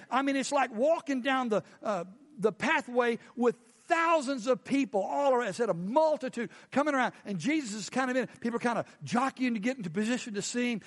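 A man preaching a sermon as pastor, animated and firing questions at the congregation. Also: very high voice, long reverb tail.

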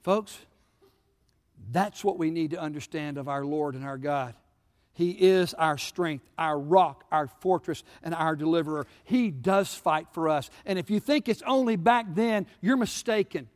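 A man preaching a sermon as pastor, swinging between loud peaks and hushed low passages, retelling scripture stories. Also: a little slow. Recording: long hall reverb.

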